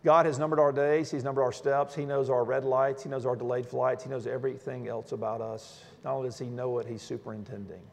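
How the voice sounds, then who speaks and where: A male preacher with a gravelly, creaky voice tells a story from the pulpit in an animated sermon, restarting his phrases as he goes. The sound carries a long reverb from a large church hall. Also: medium pitch, quick pace, few pauses. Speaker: Baptist minister. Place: church sanctuary.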